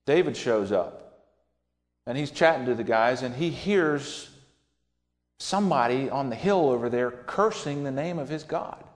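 A man preaching a sermon in a folksy, animated storytelling manner, acting out quotes from scripture stories. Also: mid-range voice, unhurried.

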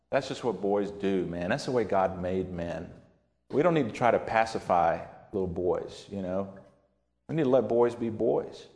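A man preaching a sermon in a folksy, animated storytelling manner, acting out quotes from scripture stories. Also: lowish voice.

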